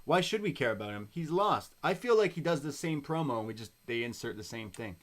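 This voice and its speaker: A man's voice: medium pitch, a little fast. Guy co-hosting a wrestling podcast, hyped and chatty, walks through every match. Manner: animated, excitable storytelling. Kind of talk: casual chat recapping a wrestling show.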